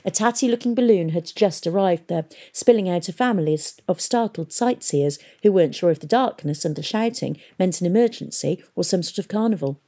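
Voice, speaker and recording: Woman, audiobook narration, warm dark tone, expressive. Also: on the low side. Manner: measured, expressive storytelling.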